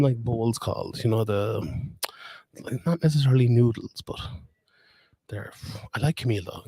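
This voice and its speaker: A young Irish man with a Limerick accent hosts a casual live stream from a fight weigh-in, rambling, chatting and laughing often. His voice is on the low side, mellow and husky, picked up by a phone camera with no echo.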